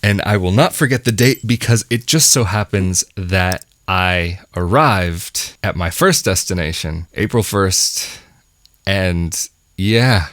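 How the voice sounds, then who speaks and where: A young American man from the West Coast with a low, deep voice reflects aloud to his camera. He muses and corrects himself mid-thought. The sound is dry and close. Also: slow, fairly bright tone, no echo. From West Coast of the United States. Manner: thoughtful, musing, self-correcting. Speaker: vlogger. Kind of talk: reflective solo talk to camera.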